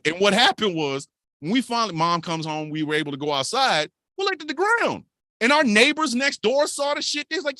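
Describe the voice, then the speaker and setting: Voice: medium pitch, a little fast, no echo, studio quality. A podcast co-host telling a wild story with lots of swearing. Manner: animated, profane storytelling. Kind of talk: casual storytelling.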